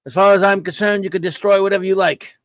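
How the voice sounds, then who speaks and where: A man voicing a cold, cynical male space rebel with a low snarling growl. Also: fairly even intonation, fast, no echo. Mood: cold, bitter.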